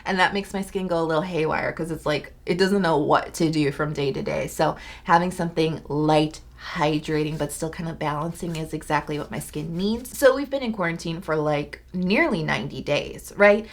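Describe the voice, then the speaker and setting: A woman's voice: deep voice, normal speed, hardly any pauses. A young woman talking through her morning skincare routine at home in a chatty, rambling vlog, full of fillers. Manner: bubbly, rambling, lots of fillers. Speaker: beauty vlogger. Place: home, indoors.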